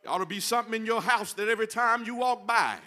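A man's voice: sits high, quick pace, bright, forceful tone. A man preaching a sermon in a church, building to fervent, half-sung phrases. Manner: preaching with rising fervor and sung, chanted phrases. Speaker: pastor. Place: church sanctuary.

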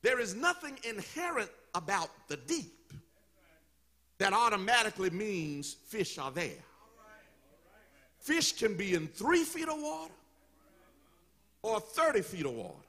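A man preaching a sermon in a church, telling the story with animated call-and-response to the congregation. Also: high-pitched, unhurried, long pauses. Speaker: pastor.

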